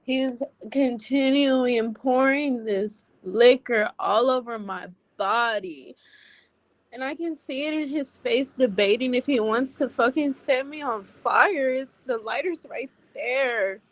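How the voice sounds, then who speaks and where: A woman speaks slowly and haltingly in a fairly high voice, recounting a painful ordeal through a remote call. She stumbles over ums and restarts, and she swears when upset. The sound is dry, close and without room echo. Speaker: guest telling her story. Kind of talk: emotional first-person account.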